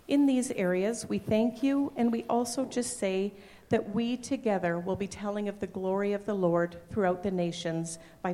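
A woman's voice: mid-range voice, mellow, long reverb tail. A woman speaking as a missionary to a church, earnestly laying out prayer and financial support needs and giving thanks. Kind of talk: church announcement.

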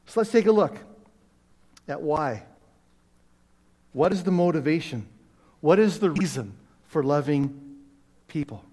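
A middle-aged male pastor with a fairly high voice preaches to his congregation in a relaxed, storytelling way, slipping in self-deprecating jokes. His words ring out with a long reverb from the church hall. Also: unhurried, pauses often. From Canada. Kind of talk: sermon. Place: church sanctuary.

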